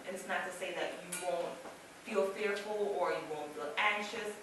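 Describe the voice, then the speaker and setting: A woman's voice: mid-range voice, moderate pace. A woman sharing her thoughts candidly in a church group discussion, talking conversationally with fillers. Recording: echoey room, mic far off, some noise.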